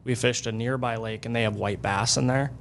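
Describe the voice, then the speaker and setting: A man being interviewed as a guest angler. He tells fishing stories in an excitable, animated way. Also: mid-range voice, a little fast, slight background noise. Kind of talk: casual storytelling interview.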